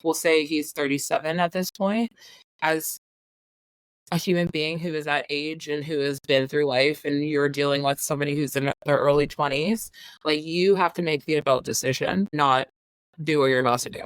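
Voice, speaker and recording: A woman guest on a podcast talking casually about a film, animated, laughing often and acting out her own reactions. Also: low-pitched, moderate pace, smooth, no echo.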